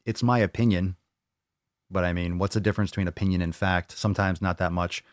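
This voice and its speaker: Blunt, profane deep-voiced male fitness host. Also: steady tone, brisk, dry recording, clean studio sound. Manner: blunt and profane, opinionated rants. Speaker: fitness channel host answering viewer questions. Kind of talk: live Q&A.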